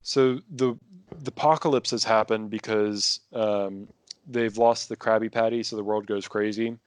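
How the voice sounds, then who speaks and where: A man's voice: on the low side, fairly even intonation, normal speed, clean tone, dry recording. A man talking casually as a podcast guest, rambling with many restarts and fillers. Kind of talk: casual conversation.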